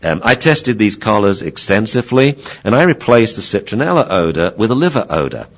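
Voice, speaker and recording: A man's voice: on the low side, very animated, a little fast. A man hosting a radio talk show about dog training, chatting freely, answering listener questions and imitating dogs. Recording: dull lo-fi radio sound.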